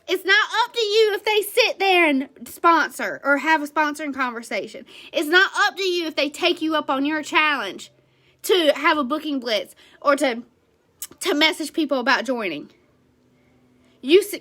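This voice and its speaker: A woman's voice: sits high, expressive, normal speed, sharp tone. A woman who directs a direct sales team, giving an emphatic motivational talk to her team and checking in with "right?" and "okay?".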